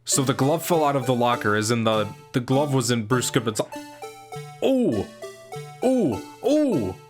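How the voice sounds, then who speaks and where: A man giving casual, excitable commentary while playing a game. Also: medium pitch, fairly quick. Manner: excitable, laughing reactions. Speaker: game streamer. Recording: game music playing behind.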